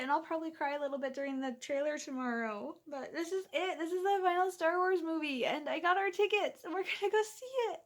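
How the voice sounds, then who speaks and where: A woman's voice: extremely high pitch, fairly quick, hardly any pauses. A young woman vlogging casually, gushing and giggly, with lots of "like" fillers. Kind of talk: casual vlog chat.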